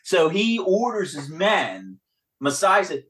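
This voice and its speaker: This podcast host's voice sits on the high side at a moderate pace. Chatting casually about a film, he walks through its ending with animation, performing lines from the movie.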